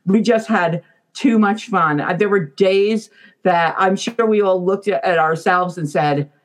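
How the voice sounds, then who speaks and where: A woman looks back on her years as a lighting designer for a band in a relaxed interview. She talks in a chatty storytelling way at a middle pitch, laughs often, and acts out what people said. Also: a little slow, rough recording. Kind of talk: reminiscing interview talk.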